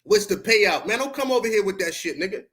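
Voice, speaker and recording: A man's voice: high voice, lively intonation, brisk, fairly bright tone, slight background noise. A man from Baltimore with a Baltimore accent, hosting a podcast livestream and ranting at his chat in a confrontational, profane, preachy street style. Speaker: podcast host. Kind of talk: heated livestream rant at chat.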